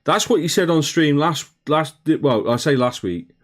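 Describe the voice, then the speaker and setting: Slightly high and animated, at normal speed, this man's voice carries a casual live hobby stream from his home hobby room. He reads chat, greets viewers by name, calls them mate and swears now and again.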